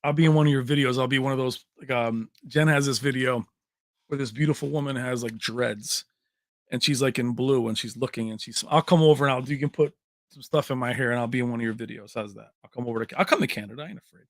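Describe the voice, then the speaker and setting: A man's voice: mid-range voice, steady tone, fast, no echo, studio quality. A man hosting a casual tech livestream, chatting with viewers, answering their comments and laughing often.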